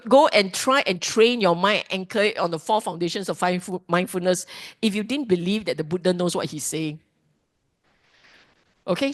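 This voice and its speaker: A woman teaching a dharma class, lively and emphatic, often putting questions to the class. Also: mid-range voice. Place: class hall.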